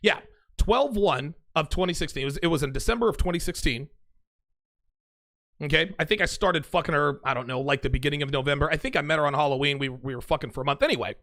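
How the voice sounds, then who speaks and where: A man's voice: a little high, quick pace, fairly bright tone. A man hosting a solo talk show, speaking bluntly and profanely as he reads text messages aloud. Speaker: host. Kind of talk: monologue to camera.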